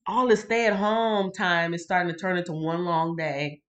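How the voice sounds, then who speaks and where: A woman reading the Bible on a livestream and chatting with viewers in a casual, animated way. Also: on the low side, unhurried, hardly any pauses. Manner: chatty, addresses viewers directly; animated, laughs and greets viewers. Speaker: livestream host.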